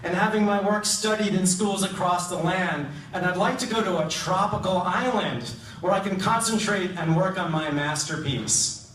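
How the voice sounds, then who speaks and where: A man's voice: high voice, moderate pace, fairly bright tone, a little hiss or hum, voice pushed up. An earnest, wistful copywriter speaks out his big dream in a slightly raised voice, played by a man. The sound carries in an echoing room, picked up from a distance. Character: dreamy male copywriter with grand ambitions. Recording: roomy hall, distant mic, faint ambience.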